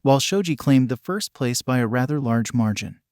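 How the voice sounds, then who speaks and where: A man reads a fan-written story aloud in steady, even narration. His voice sits at a middling pitch for a man, and the recording is dry and close, with no room sound. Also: normal speed, no echo. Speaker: story reader. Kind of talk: scripted narration.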